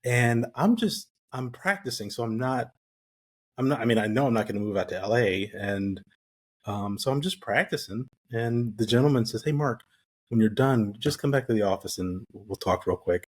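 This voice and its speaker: Husky middle-aged man telling stories. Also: medium pitch, normal speed. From United States. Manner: animated storyteller who acts out quoted dialogue. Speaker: guest, retired Navy SEAL. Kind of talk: casual interview storytelling.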